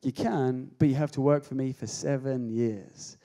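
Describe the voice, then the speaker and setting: A man voicing a shrewd father who sets hard terms in a low, quiet tone. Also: fairly even intonation, normal speed, lightly acted. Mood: stern. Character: stern father, shrewd bargainer.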